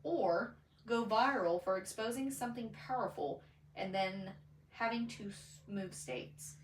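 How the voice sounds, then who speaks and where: A woman's voice: medium pitch, a little slow. A woman co-hosting a podcast in casual chat, laid-back and slangy, swearing freely. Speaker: podcast co-host. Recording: roomy, distant mic, faint noise.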